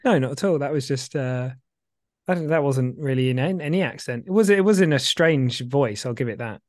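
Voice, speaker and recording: A man co-hosting a podcast in a relaxed, joking, rambling way. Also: mid-range voice, fairly quick, no room sound, studio quality. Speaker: podcast co-host. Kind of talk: casual podcast chat.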